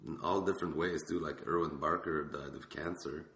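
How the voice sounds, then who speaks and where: Man, French accent, extremely deep and gravelly, sick and hungover, dry deadpan humor, echoey room. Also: fairly quick. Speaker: guest comedian. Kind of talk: casual podcast chat. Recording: echoey room, faint noise.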